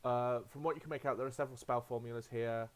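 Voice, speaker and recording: A man's voice: mid-range voice, fairly even intonation, fast. A man acting as game master, narrating scenes and non-player characters with frequent ums and hesitations. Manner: hesitant, with many ums and uhs. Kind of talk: tabletop role-play narration.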